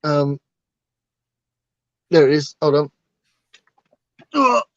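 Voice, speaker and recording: A man's voice: on the high side, lively intonation, extremely slow, fairly bright tone, dry recording, lo-fi sound. A man co-hosting a casual book livestream, talking hesitantly with lots of ums and restarts. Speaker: book channel co-host.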